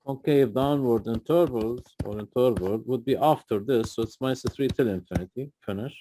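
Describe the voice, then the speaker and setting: A man's voice: medium pitch, a little fast, hardly any pauses, mellow, no room sound. Patient man tutoring math. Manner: patient, repeats "okay?" to check understanding. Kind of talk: live tutoring session.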